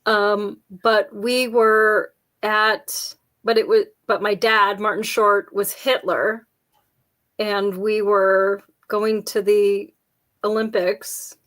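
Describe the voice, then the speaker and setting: Woman, podcast co-host, casual chat, slow unhurried pace, jokey storyteller, playful. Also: medium pitch, little pitch movement, a bit bright. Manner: chatty, jokey storyteller, frequent laughs.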